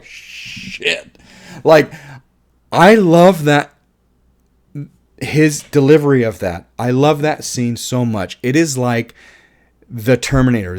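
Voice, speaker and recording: A man's voice: mid-range voice, darkish tone. Man, casual movie review, enthusiastic, curses a lot, restarts sentences, laughs often. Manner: enthusiastic, swearing, laughs at own jokes; rambling with frequent restarts.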